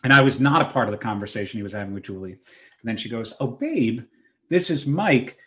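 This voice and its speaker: A man's voice: medium pitch, brisk. A man in his thirties, a podcast host, telling self-mocking stories in a casual chat. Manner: animated, self-mocking storyteller.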